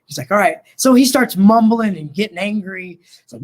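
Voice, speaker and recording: Relaxed storytelling man, fairly high voice. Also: normal speed. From Colorado and Oklahoma. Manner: relaxed, rambling, acts out quoted dialogue. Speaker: interview guest, mental health worker. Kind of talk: casual storytelling interview.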